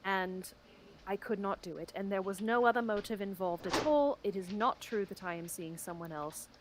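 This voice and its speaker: Woman voicing a young regency lady, earnest, formal, hesitant, mid pitch, faint hiss behind. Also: lightly acted, low-quality recording. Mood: remorseful. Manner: formal, halting letter reading with fillers.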